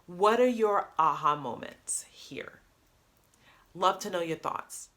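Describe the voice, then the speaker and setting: A woman coach talking to camera, upbeat and animated, acting out example phrases as she explains. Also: medium pitch.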